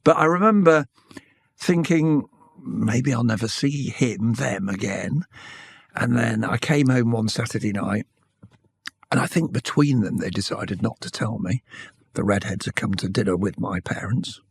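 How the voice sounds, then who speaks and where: A British man in his sixties, an interview guest telling candid stories from his life in a measured, reflective way. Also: medium pitch, animated, vocal fry, husky, no room sound, studio quality. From Britain. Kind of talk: reflective conversational storytelling.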